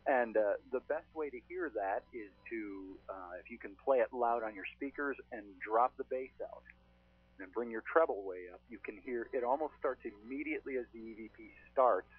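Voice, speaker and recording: A man's voice: mid-range voice, normal speed, husky, no echo. A man as a paranormal investigator guest on a podcast, telling his stories in a chatty way with lots of fillers. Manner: chatty, storytelling, frequent "uh" fillers. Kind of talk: casual podcast chat. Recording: thin phone-line sound.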